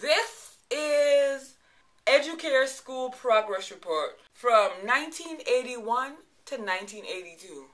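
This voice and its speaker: Lively, bright-voiced Virgin Islands woman. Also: high voice, takes it slowly. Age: 30s. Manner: chatty and playful, laughs often. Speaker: vlogger. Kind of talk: casual chat to camera.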